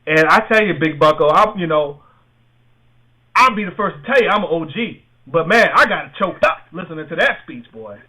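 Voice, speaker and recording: A man's voice: a little high, expressive, moderate pace, bright, forceful tone, husky, rough recording. A man hosting a casual sports talk radio show, rambling with many fillers and restarts, with an American accent.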